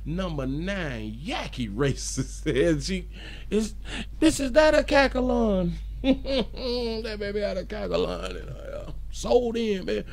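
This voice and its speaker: Gravelly, lively-voiced man hosting a live stream. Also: high voice, slow. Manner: chuckles often, loose and joking. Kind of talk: casual live-stream chat, reading viewer comments aloud.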